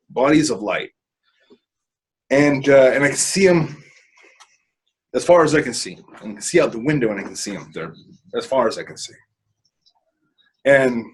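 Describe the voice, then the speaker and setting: Husky man telling a rambling story. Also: mid-range voice, low-quality recording. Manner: rambling with frequent restarts and casual swearing. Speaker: interview guest. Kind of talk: candid personal storytelling.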